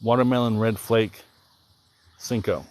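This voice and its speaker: A man's voice: on the low side, fairly even intonation, measured pace, darkish tone. A man from Southern Illinois with a mild Southern accent, chatting casually and rambling on a live stream while fishing outdoors. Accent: Southern American. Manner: rambling, easygoing, thinks aloud, reads out viewer comments. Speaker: livestreaming angler. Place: outdoors by the water.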